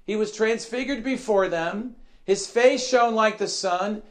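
A man delivers a sermon in a high voice, taking his time over each phrase. He presses his points by repeating them and asking questions. He drops to quiet asides and then rises to loud, shouted emphasis. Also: unhurried. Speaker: preacher.

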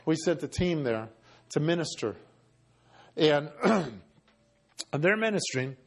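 A man preaching with a notably high voice. He tells his story with passion, often pushing up toward a cry before easing back down. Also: very animated, a little slow, gravelly, husky. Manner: impassioned, often rising to a cry. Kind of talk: sermon storytelling.

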